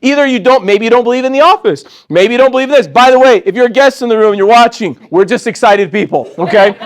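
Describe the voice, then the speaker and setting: A man with a Texan accent, a company chairman giving a fired-up motivational speech on stage, intense, blunt and profane, often shouting. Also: very high-pitched, quick pace.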